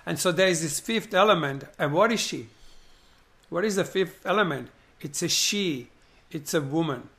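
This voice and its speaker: A man's voice: a little high, moderate pace. A man eagerly retelling a film scene in conversation, acting out the parts and asking rhetorical questions. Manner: animated, acts out scenes, many rhetorical questions.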